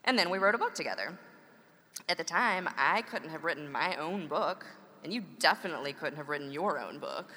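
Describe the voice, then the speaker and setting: A woman's voice: sits low, lively intonation, brisk, bright, forceful tone, slight background noise. A woman in her thirties, a mother and co-host, reading a scripted conversation with wry, playful humor. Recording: long hall reverb.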